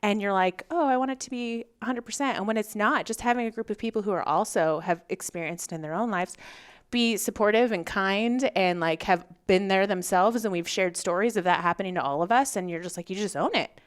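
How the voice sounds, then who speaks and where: A woman guest on a podcast, telling a story in a casual, animated way and acting out what people said. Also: mid-range voice, brisk, clean tone. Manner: animated, acts out quoted dialogue. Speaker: hunting guest.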